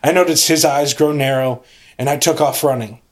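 A man's voice: medium pitch, normal speed. A man hosting a podcast, reading a creepy story aloud with theatrical, suspense-building delivery.

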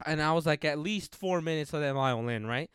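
A man's voice: fairly high pitch, a little fast, a bit bright, clean tone, no room sound, studio quality. A young man telling a rambling story in casual podcast chat, swearing freely and packing in 'like' and 'bro'.

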